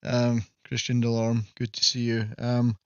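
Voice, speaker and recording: A Scottish man at a mid pitch talks loosely to his stream audience, wandering off on tangents and poking fun at himself. His voice comes through a little dull and muffled, with a dry and close sound. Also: monotone, measured pace, clear, resonant tone, no echo. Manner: rambling, self-mocking joker. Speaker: livestream host. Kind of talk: casual livestream chat. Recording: slightly muffled, dry audio.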